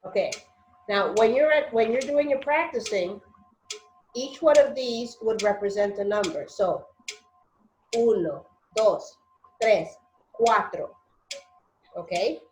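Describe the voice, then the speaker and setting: Slow, patient woman teaching Spanish. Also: on the high side, a little mellow, echoey room, soft background music, low-quality recording. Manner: patient, drills pronunciation slowly syllable by syllable. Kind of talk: online language class. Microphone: video call.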